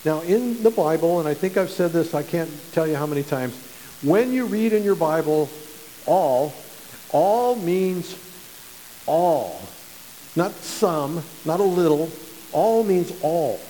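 A man's voice: on the high side, mellow, long reverb tail, slight background noise, low-quality recording. A male pastor preaching a sermon in a conversational way, often repeating and restarting words.

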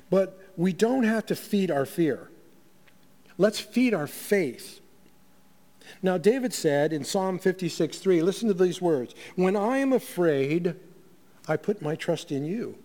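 A middle-aged man preaching a weekly sermon, talking plainly with fillers and restarts. His voice sits a touch high for a man. A long reverb trails after each phrase. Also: darkish tone. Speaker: pastor.

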